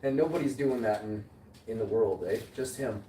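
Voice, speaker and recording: A man's voice: on the low side, moderate pace, mellow. Boastful rambling male vlogger. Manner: boastful, rambling, with self-corrections and slang. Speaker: vlogger, channel host. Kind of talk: casual rambling monologue. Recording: echoey room, distant mic, faint noise.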